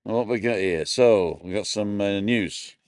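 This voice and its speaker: A man's voice: on the low side, measured pace. Chatty middle-aged man hosting a live stream. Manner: chatty, greets viewers by name. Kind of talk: casual live-stream chat. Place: bar. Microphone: earphones.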